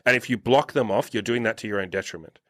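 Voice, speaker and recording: A man's voice: lowish voice, fast, fairly bright tone, dry recording, studio quality. A man hosting a podcast in casual conversation, talking bluntly with plenty of swearing and acting out the voices of people he quotes. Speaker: podcast host and dating coach.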